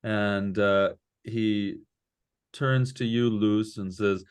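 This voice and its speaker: A man's voice: on the low side, fairly even intonation, drawn-out words, clean tone. A man narrating as game master in a tabletop game, meandering and full of fillers.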